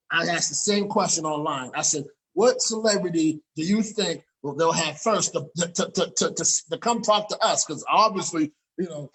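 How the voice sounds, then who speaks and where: A man's voice: on the high side, a bit bright, rough recording. A man hosting a casual talk show over a video call, ranting in a profane, heated way and often repeating himself. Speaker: show host.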